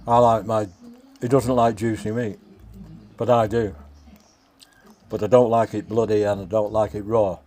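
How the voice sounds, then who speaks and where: A man's voice: lowish voice, little pitch movement, normal speed, long pauses, darkish tone. A man chatting casually as a home cooking vlogger, tasting his food on camera and talking with his mouth full. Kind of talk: casual taste-test chat.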